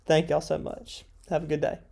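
A man's voice: fairly high pitch, completely flat delivery, normal speed, gravelly, mellow. A man casually introducing a church podcast episode. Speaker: podcast host.

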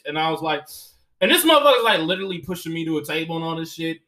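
Bright-voiced, profane comedian telling stories. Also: male voice, on the high side, very fast. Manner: profane, animated, laughing storyteller. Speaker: comedian and podcast host. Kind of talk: casual storytelling chat.

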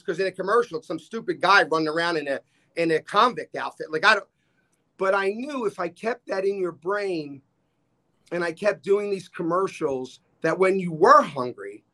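A man's voice: sits high, normal speed. A man, telling stories as a podcast guest and acting out the people he quotes. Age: 60s. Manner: animated storyteller, acts out quoted dialogue. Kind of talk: casual storytelling chat.

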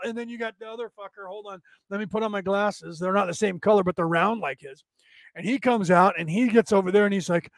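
High-voiced man ranting profanely. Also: fairly even intonation, fast talker, no room sound. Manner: profane, rambling, laughing at his own jokes. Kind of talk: profane comedic rant. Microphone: desk setup.

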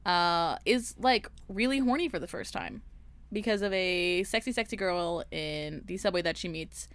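A woman's voice: fairly low pitch, lively intonation, normal speed, fairly bright tone, smooth, no echo. A woman co-hosting a casual book podcast, telling crude, jokey stories with lots of laughter. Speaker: podcast co-host.

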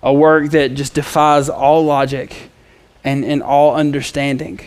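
A man's voice: on the high side, flat delivery, measured pace, smooth. A man preaching a sermon in a casual, conversational way. He reads scripture aloud and mixes in playful asides and fillers. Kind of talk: expository sermon.

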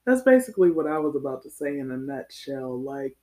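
A woman's voice: very deep voice, very animated, brisk, darkish tone. A woman co-hosting a casual chat, mostly agreeing and backing up her partner's points. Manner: agreeing, backs up points with short replies.

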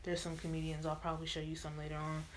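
A woman's voice: deep voice, monotone, quick pace, slight background noise. A woman in her twenties co-hosting a casual podcast chat, easygoing and teasing. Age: 20s. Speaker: podcast co-host.

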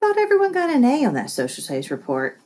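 A woman's voice: high voice, wildly swooping pitch, fast, darkish tone, voice pushed up. Woman voicing a wry, level-headed boy. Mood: encouraging. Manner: dry, matter-of-fact. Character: teenage boy, wry, sensible best friend. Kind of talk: audiobook character voice.

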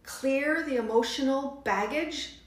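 A woman hosting a podcast, telling a personal story in a casual, animated way and quoting others as she goes. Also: high voice, slow pace, reverberant. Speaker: podcast host, yin yoga teacher.

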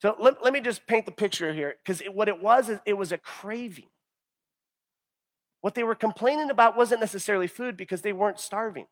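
Preaching with high-pitched, brisk energy, this man leads a lively sermon as pastor. Acting out the complaints of the people, he frequently trips over and repeats his words.

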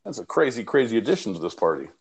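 A man's voice: on the low side, very animated, rapid-fire, vocal fry, husky. A man co-hosting a podcast, telling rambling, profanity-laced stories in casual chat. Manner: rambling, profane anecdotal storytelling. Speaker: podcast co-host.

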